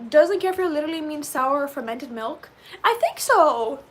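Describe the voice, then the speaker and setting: A young woman with a bright, high voice chats away to her livestream audience. She answers viewers' questions loosely and animatedly, dropping "like" into nearly every thought. A faint hum sits behind her. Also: takes it slowly. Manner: chatty and animated, says "like" often. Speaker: livestreamer reading chat. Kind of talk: casual chat with live viewers.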